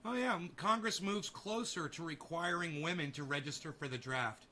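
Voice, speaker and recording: A man with a high, bright voice who rants at his livestream chat. His tone is heated and profane, and he snaps back at commenters while he keeps talking. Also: normal speed. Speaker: streamer host.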